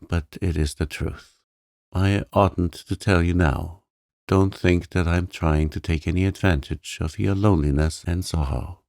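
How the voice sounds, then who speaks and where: A humble man pleads his devotion in an earnest, soft voice, as the narrator reads him. The voice sits deep and gravelly, and the words come slowly. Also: dry recording, clean studio sound. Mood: pleading.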